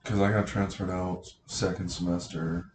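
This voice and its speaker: A man's voice: low voice, flat delivery, moderate pace. A young man co-hosting a casual podcast, laid-back, reacting and swearing freely. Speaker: podcast co-host. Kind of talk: casual chat. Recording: echoey room with faint noise.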